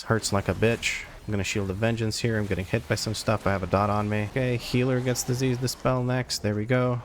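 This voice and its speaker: A man with a fairly low voice narrates his own gameplay as it happens. He calls out moves, swears freely and pokes fun at his own mistakes. Faint game noise sits behind him. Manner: rapid play-by-play, swearing, self-deprecating. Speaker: gameplay commentator. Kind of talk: live gameplay commentary.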